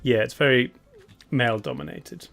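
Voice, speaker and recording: A man's voice: mid-range voice, lively intonation, moderate pace, vocal fry, a bit bright, soft background music. A man hosting a live stream in a casual, laid-back way. He chuckles often and hums idly between remarks. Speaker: streamer host.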